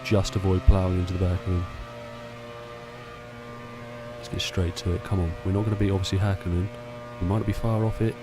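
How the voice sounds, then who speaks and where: A man's voice: low-pitched, flat delivery, fast, noisy background. A man chatting casually to himself while playing a racing game. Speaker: gameplay streamer. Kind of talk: casual gameplay commentary.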